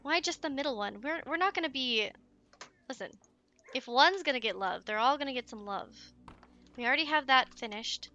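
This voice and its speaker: A woman playing through a video game with excitable, giggly commentary. She sits high in her range with a bright, sharp tone. She gasps and coos at the in-game pets and chats freely to her viewers. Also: normal speed, dull audio. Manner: excitable and giggly, gasping and cooing. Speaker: let's play streamer. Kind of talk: let's play commentary.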